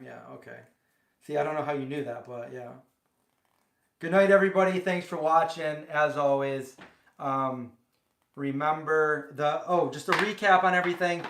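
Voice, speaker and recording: A man's voice: a little high, fairly bright tone, reverberant. Chatty man hosting a kitchen livestream. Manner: rambling, chatty, talks to viewers. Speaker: livestream host. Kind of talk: casual chat. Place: home kitchen.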